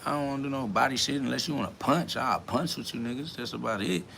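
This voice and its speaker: A gravelly, mid-range male voice, fast and sharp-edged, with slight background noise. He's a podcast host in his twenties, rambling through a slangy, profane, casual monologue while reading chat comments aloud and tossing in "you feel me" again and again.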